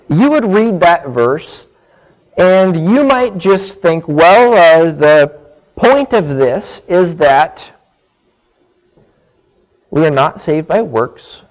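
A man preaching a sermon, explaining scripture slowly and deliberately and checking in with his listeners. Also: a little high, lo-fi sound. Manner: slow, deliberate teaching with frequent "okay" check-ins.

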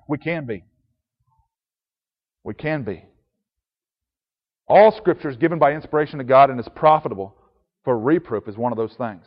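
A man's voice: a little high, lively intonation, normal speed, long pauses. A man preaching a sermon earnestly, reading scripture aloud in old-fashioned biblical wording. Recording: dull sound with long reverb.

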